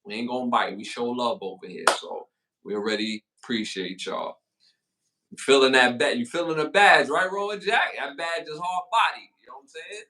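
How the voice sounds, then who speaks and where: A man with a Brooklyn accent co-hosting a hip-hop podcast, hyping up the chat with slangy shout-outs in casual talk. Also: mid-range voice, normal speed. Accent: Brooklyn, New York. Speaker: podcast co-host.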